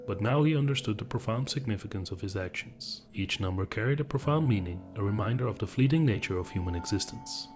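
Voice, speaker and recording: A man narrating horror stories in an even, measured storytelling voice. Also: lowish voice. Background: background music.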